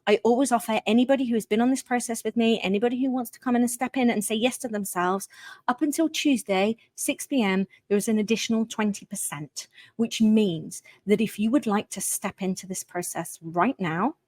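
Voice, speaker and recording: A woman, a parenting coach, pitching her program with effusive enthusiasm and sudden emphatic bursts. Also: a little fast, darkish tone, no echo.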